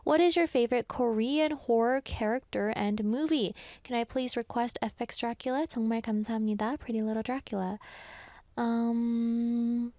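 A woman's voice: fairly high pitch, fairly even intonation, brisk, warm tone, no echo. A young woman hosting a radio show, chatting casually in a bubbly, giggly way and reading out listener messages on a studio microphone.

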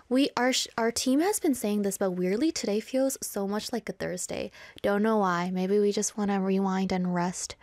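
A woman's voice: mid-range voice, unhurried, darkish tone, no echo. A woman hosting a radio show in a studio, chatting casually and playfully and reading listener messages with frequent giggles.

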